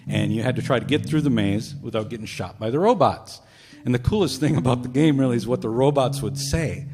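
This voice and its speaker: A middle-aged man at an open mic, telling a humorous personal story with animated comic suspense. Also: mid-range voice. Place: community open mic stage. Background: guitar music.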